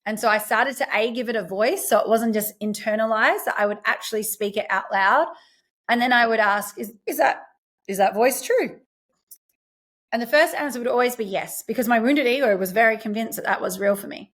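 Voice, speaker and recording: A woman's voice: a little high, a little fast, a bit bright. A young adult woman, a self-empowerment coach, talking earnestly and reflectively in a podcast interview and quoting her own inner voice.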